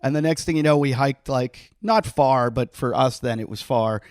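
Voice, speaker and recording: A middle-aged man hosting a podcast, telling a story in a casual, animated way and laughing often. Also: mid-range voice, moderate pace, no room sound, studio quality. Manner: animated, laughing, acts out quotes. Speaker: podcast host.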